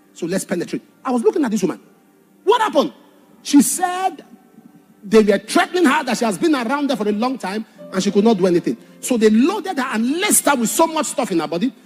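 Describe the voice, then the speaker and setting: High, husky-voiced pastor preaching. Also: male voice, sing-song, brisk, soft background music. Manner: dramatic, shouts for emphasis then drops low. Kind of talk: sermon with personal testimony.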